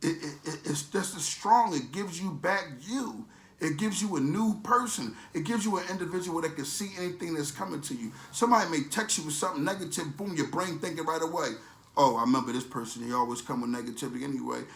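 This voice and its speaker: A man delivering a preachy, streetwise pep talk with emphatic, repeated phrases. His voice sits a bit higher than most men's. The sound bounces around an echoey room. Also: animated, brisk, a bit bright. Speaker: vlogger promoting a supplement. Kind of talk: preachy motivational rant.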